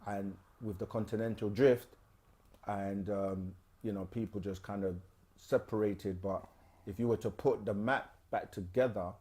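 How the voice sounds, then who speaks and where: Guy hosting a live q&a, low mellow voice, loose rambly explaining. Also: steady tone. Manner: loose, unhurried, many fillers. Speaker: host of a live Q&A stream. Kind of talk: casual explanatory talk.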